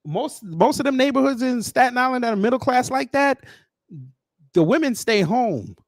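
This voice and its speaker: A man hosting a reaction commentary channel, talking in an animated, sardonic, conversational way. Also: very high voice, moderate pace, dry recording, clean studio sound.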